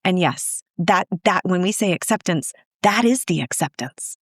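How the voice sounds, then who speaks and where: A woman's voice: lowish voice, expressive, normal speed, no room sound, clean studio sound. A woman therapist speaking earnestly on a podcast, emotional and given to restarts. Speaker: guest therapist. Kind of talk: podcast conversation.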